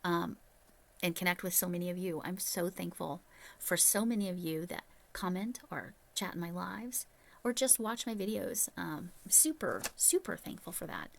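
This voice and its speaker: A middle-aged woman chats straight to her viewers in a casual vlog, candid and conversational. Her voice sits low, with a gravelly, creaky texture. She talks the way a retired teacher talks to friends. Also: normal speed. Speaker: retired teacher turned crochet YouTuber. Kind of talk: casual vlog chat to camera.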